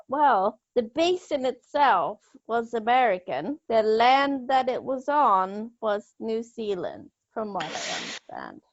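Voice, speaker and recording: High, lively, gravelly woman. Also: dry recording, lo-fi sound. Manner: laughing, playful. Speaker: podcast co-host. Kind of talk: casual chat.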